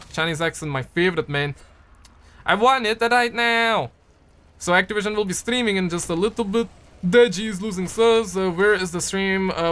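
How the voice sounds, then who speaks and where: A young man from Pakistan chatting casually on a gaming news livestream, deliberately swinging his voice up and down as he answers chat. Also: fairly high pitch. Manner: animated, shifts his voice up and down on purpose.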